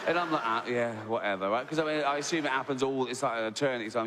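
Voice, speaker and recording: A man's voice: mid-range voice, animated, fast, few pauses. A man in his sixties with an English accent doing stand-up comedy, sardonic, acting out voices and asking "right?" after his punchlines. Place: large theatre with audience. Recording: live hall reverb, faint room noise.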